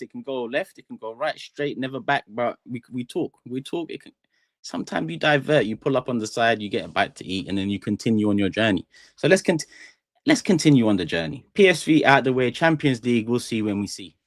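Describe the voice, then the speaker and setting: This is a mid-range male voice, recorded dry with studio quality. He's a young English host of a fan channel live stream in a small studio room, rambling and cracking jokes while talking directly to chat in casual conversation.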